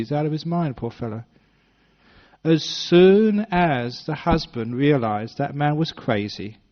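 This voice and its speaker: This English monk, British-born and now in Western Australia, has a fairly high male voice and tells stories gently and with humor during a dharma talk. He acts out voices for the characters, and the talk recording is dull and lo-fi.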